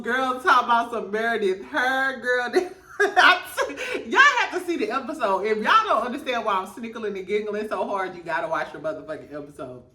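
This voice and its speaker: A woman's voice: fairly high pitch, lively intonation, moderate pace, pushed and bright, roomy sound, distant mic, slight background noise. A woman hosting a casual reality TV recap, laughing a lot and acting out the cast members' lines in voices.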